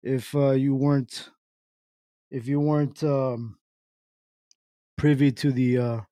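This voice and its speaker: A man's voice: medium pitch, fairly even intonation, slow pace, mellow, dry recording. A man hosting an internet radio livestream, jokingly reading chat comments aloud and stumbling through words in playful confusion.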